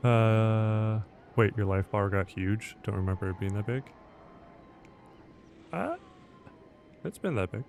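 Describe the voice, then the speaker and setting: A man's voice: fairly low pitch, slow pace, gravelly, pauses often, darkish tone, soft background music. A man streaming a video game, chatting casually, answering viewer chat and counting out workout reps between fights. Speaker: gaming streamer. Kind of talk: casual livestream chat while gaming.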